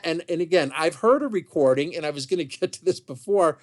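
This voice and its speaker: A man tells a family story in an unscripted monologue, heated and animated, with lots of restarts and asides. His voice is a little high and his pace fairly quick.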